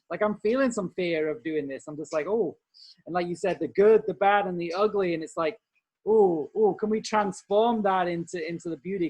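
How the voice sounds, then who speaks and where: Earnest man rambling with fillers. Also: fairly high pitch. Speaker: co-host. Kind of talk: casual spiritual chat.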